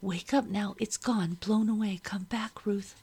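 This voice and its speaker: A woman's voice: mid-range voice, unhurried, darkish tone, husky, pitched above the performer's own voice. A woman voicing a desperate young girl who pleads to protect her little sister. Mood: soft whisper. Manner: pleading, urgent.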